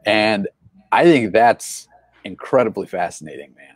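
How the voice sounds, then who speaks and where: A man's voice: fairly low pitch, expressive, unhurried. A man hosting an interview, talking in a thoughtful, casual way and often saying "man" and "like". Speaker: podcast host. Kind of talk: conversational interview.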